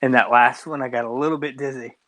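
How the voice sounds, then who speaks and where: A woman's voice: a bass voice, steady tone, fast, fairly bright tone. A woman hosting a casual livestream, joking and chatting with her viewers in a self-mocking way. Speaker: livestream host.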